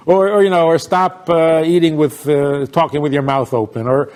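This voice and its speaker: A man's voice: a little high, steady tone, normal speed, few pauses, darkish tone. An older man, a rabbi, giving an informal talk to an audience, telling stories, asking rhetorical questions and laughing often.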